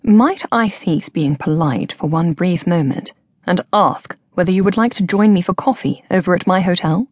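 Woman doing a wry, courtly British gentleman. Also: lowish voice, moderate pace, no room sound, natural voice. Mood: courteous. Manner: formal, courteous, dry humor.

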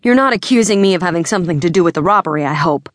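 A woman's voice: on the low side, animated, very fast, dry recording, clean studio sound, close to an everyday voice. A woman voicing a laid-back young man who turns defensive and indignant in an audiobook. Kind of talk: audiobook character voice.

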